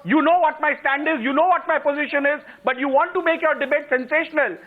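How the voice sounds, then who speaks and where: An indignant man with an Indian English accent argues as a politician guest on a televised debate, insistent and repeating himself. His very high voice comes through a dull, lo-fi remote feed. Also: fast.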